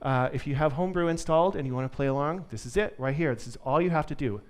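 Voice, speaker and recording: A man's voice: a little high, fast talker, smooth. A man giving a live conference tech talk to an audience, upbeat and joking. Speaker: conference speaker.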